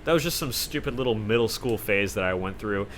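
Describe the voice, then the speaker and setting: A man's voice: lowish voice, lively intonation, brisk, a bit bright, a little hiss or hum. A young man hosting his own podcast, rambling in a sarcastic, profane, self-mocking monologue. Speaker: podcast host.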